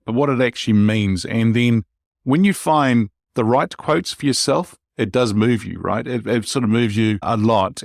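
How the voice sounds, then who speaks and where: A man's voice: medium pitch, no echo. Dry-sounding enthusiastic podcast host man. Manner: enthusiastic, rambling, addresses listeners directly. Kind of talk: casual interview chat.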